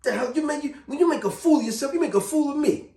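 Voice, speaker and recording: A man's voice: very high-pitched, animated, fast, warm tone, pitched above the performer's own voice. A man doing a stern, scolding security guard. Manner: scolding, blunt, slangy. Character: stern respected male neighborhood security guard. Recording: roomy room, distant mic.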